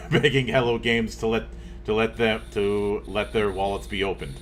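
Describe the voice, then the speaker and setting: Man, lower voice, laid-back gaming podcast host, wry asides, faint background noise. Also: fairly even intonation, a little slow. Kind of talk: casual gaming chat.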